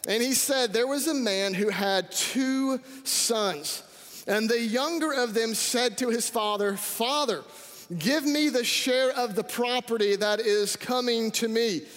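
A man preaching a sermon as pastor, energetic and calling out to his congregation. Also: very high voice, a little slow. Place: church sanctuary. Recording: reverberant hall.

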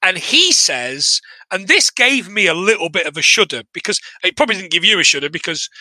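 High, bright-voiced Englishman rambling. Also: very animated, brisk, no echo, rough recording. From England. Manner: rambling, swearing, restarts. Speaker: podcast co-host. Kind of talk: casual chat recapping a film.

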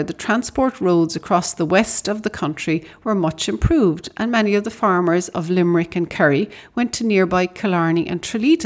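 Irish woman reading a story letter. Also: fairly low pitch. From Ireland. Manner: warm storytelling, conversational asides. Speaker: podcast host.

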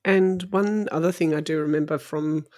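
A woman hosting a podcast, speaking in a measured, reflective way and offering soft affirmations as she listens. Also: sits low, steady tone, dry recording, studio quality. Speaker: podcast host. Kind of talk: reflective conversational interview.

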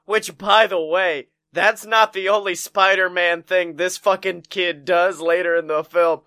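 A man with a bright, forward voice chats loosely on a podcast, cursing and laughing as he recaps scenes. His delivery is animated and crude, like a friend venting about a terrible film. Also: high-pitched, measured pace. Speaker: podcast co-host. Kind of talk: casual movie review chat.

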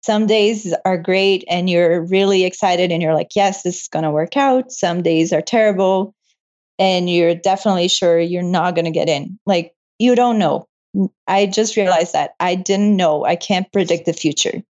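A woman's voice: lowish voice, steady tone, moderate pace, darkish tone. A young woman guest and medical student telling her story in a casual interview, laughing often. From moved to Canada. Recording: muffled lo-fi audio.

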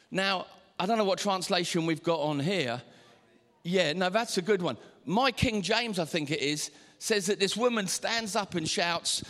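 Animated male pastor, high voice, sermon in a reverberant church hall. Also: a little slow. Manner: animated, acts out voices and shouts. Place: church auditorium.

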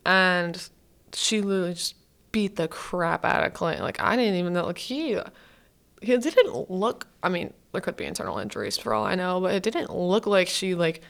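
A woman's voice: lowish voice, very animated, normal speed, creaky. A woman student hosting a podcast, chatting casually and gushing as a fan, with lots of "like" and restarts. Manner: chatty, gushing, heavy use of "like". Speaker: podcast host.

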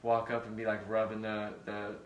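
A man's voice: lowish voice, monotone, moderate pace, echoey room, lo-fi sound. A middle-aged man co-hosting a couples quiz game, joking and boastful, reading out the questions. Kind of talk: casual chat.

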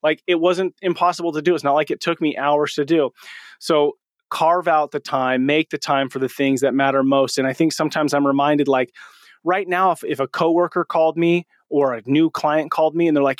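A man's voice: on the high side, steady tone, normal speed, no room sound, studio quality. A man in his forties hosting a podcast, telling personal stories in a casual, earnest, coaching tone. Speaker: podcast host. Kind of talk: casual storytelling monologue.

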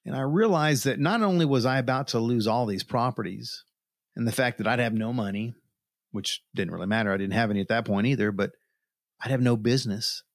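A man's voice: medium pitch, a little fast, no echo, studio quality. A middle-aged man telling a personal story in an earnest, emotional way, often repeating words as he goes. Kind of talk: personal testimony.

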